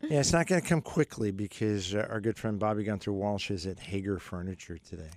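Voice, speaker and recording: A man's voice: fairly low pitch, fairly quick, dry recording, clean studio sound. A middle-aged man hosting a call-in radio show about money, talking in a rambling, joking way with many fillers and restarts. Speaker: radio finance show host. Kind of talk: casual call-in radio talk.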